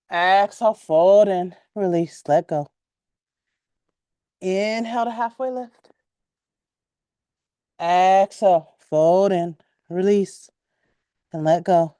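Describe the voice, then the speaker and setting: A woman teaching a yoga class, giving calm, measured cues timed to the breath and stretching out repeated words. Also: mid-range voice, dry recording, clean studio sound. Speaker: yoga instructor.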